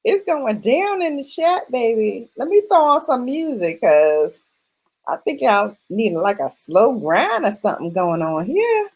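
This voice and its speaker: A woman's voice: fairly high pitch, very animated, measured pace, darkish tone, a little hiss or hum, rough recording. Affectionate woman hosting a late-night stream. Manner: playful, affectionate, laughs often, Southern-style slang. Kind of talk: casual live-stream chat with viewers. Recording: music in the background. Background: music playing.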